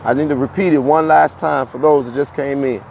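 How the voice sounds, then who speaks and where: A man hosting a casual live stream to his viewers, talking in while walking uphill, a bit out of breath, animated, repeating himself and laughing often. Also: mid-range voice, a little fast, creaky. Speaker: livestream host. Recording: dull lo-fi phone audio with faint street noise.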